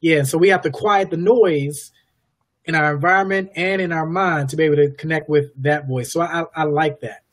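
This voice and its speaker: A man's voice: on the high side, fairly even intonation, moderate pace. A man hosting an interview, affirming his guest often and restating his questions. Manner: affirming, many yeahs, repeats his questions. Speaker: interview host. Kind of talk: casual interview talk.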